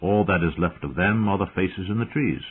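A man voicing a patient, learned older scholar in an audiobook, measured and correcting, with a narrow, phone-like sound. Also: sits low, a little hiss or hum, natural voice.

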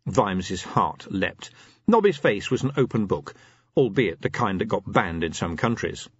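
A man narrating an audiobook in an expressive storytelling manner. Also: lowish voice, measured pace, breathy edge, no echo, dull audio. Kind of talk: scripted fantasy narration.

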